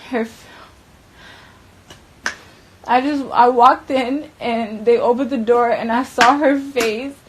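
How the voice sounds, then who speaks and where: A young woman recounts something she witnessed in casual first-person storytelling, blunt and profane, constantly saying "like" and "bruh." Her slightly high voice is fairly even, slow and full of pauses, with background noise present.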